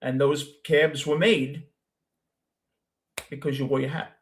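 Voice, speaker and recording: A man's voice: fairly high pitch, flat delivery, takes it slowly. A man with a Brooklyn accent who hosts a show, chatting casually with a caller and telling long, rambling stories with many restarts. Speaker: host.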